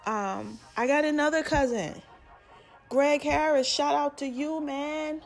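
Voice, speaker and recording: Woman, forties, slangy and heartfelt, slightly high voice, faint music under her. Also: fairly even intonation, slow pace, creaky. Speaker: vlogger. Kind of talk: casual shout-outs to family and friends.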